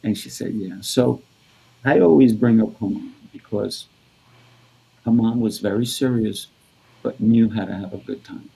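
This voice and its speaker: A man co-hosting a conversation, telling a personal story in a halting, casual way with repeated words. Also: fairly low pitch, gravelly, mellow, breathy edge, poor audio. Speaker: podcast co-host.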